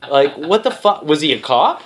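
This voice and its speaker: Canadian guy cracking crude jokes on a podcast, kinda high voice. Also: lively intonation, moderate pace. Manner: crude joking, riffing. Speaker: podcast co-host. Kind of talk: casual podcast chat.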